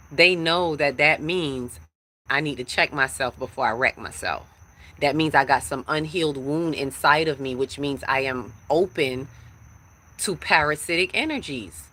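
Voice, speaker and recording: Brief: woman spiritual teacher on a live stream, forceful bright voice, preachy and emphatic. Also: sits low, normal speed.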